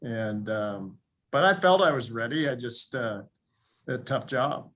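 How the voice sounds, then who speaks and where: A middle-aged man, a basketball coach guest, reflecting on his career in a halting, hesitant way. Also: medium pitch, expressive, fairly bright tone. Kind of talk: reflective podcast conversation.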